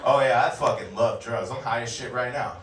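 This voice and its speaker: Speaking at medium pitch and fairly quickly, a stand-up comedian from California, in his forties, does a crude, profane set at a comedy club, laughing at his own jokes. A crowd can be heard in the background. The recording has a roomy club sound with the mic far away.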